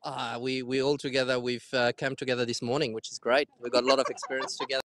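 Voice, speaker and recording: A man on a sailing crew, relaxed and laughing as he chats in a casual interview. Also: mid-range voice, fast, background noise.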